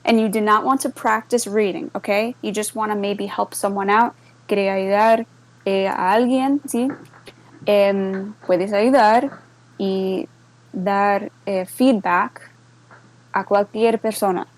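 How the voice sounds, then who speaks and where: A woman moderator talks through a screen-share walkthrough, easy and unhurried. She slips back and forth between English and Spanish and keeps checking that listeners follow with a quick "okay?". Her voice sits at a middle pitch. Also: low-quality recording. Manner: relaxed, with many fillers. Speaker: server moderator explaining a bot. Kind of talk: casual screen-share tutorial.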